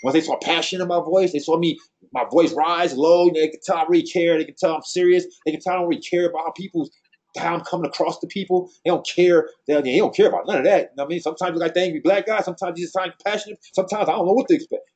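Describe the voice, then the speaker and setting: A man's voice: on the high side, steady tone, fast, a little mellow, breathy edge. A man giving a blunt, passionate team talk in a loose, slangy way, like a trainer speaking to his team. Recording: dull lo-fi sound.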